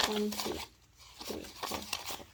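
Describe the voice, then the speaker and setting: A woman's voice: slow pace, sharp tone, slight background noise, poor audio. A woman in her twenties chatting casually while counting cash for a budgeting vlog. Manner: chatty, counts bills aloud, filler-heavy. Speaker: budgeting vlogger.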